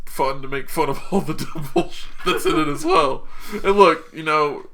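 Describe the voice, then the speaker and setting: A man's voice: on the high side, normal speed, pushed and bright, slight background noise. A man co-hosting a podcast, rambling through a film recap in casual chat, joking and acting out the characters' lines. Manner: rambling, joking, acts out quotes in voices. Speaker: podcast co-host.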